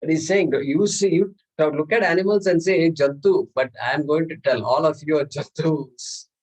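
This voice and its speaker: Male scripture teacher, slightly raised pitch, patient class lecture, repeats key terms. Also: normal speed, poor audio. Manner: explains patiently, repeats terms, chuckles often.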